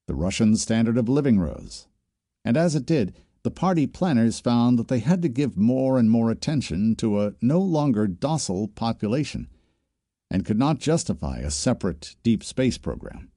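A man reading a novel aloud in steady, measured scripted narration. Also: mid-range voice, dry recording, clean studio sound. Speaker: audiobook narrator.

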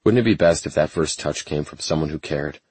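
A man narrating a first-person romance audiobook in a measured, brooding, intense way. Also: rumbling low, a little mellow, husky, no room sound.

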